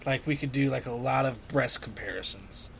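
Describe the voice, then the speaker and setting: A man's voice: mid-range voice, moderate pace, vocal fry, a bit bright, slight background noise. A young man joking casually with friends.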